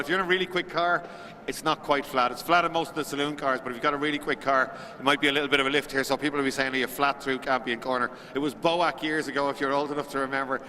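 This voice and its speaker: Fast, bright Irish trackside announcer. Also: male voice, mid-range voice, big-room sound. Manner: upbeat, chatty, rallies the crowd. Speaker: circuit announcer. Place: outdoor race circuit.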